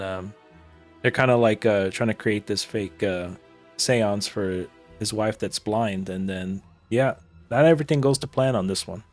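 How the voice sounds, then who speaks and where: Co-host, man, lowish voice, hesitant halting casual summaries. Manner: halting, hesitant with many ums and restarts. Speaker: podcast co-host. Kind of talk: casual chat.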